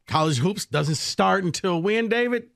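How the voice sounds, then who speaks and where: A man's voice: high voice, animated, moderate pace, gravelly, a bit bright, no room sound, studio quality. A man co-hosting a sports podcast, chatting casually and poking fun at himself.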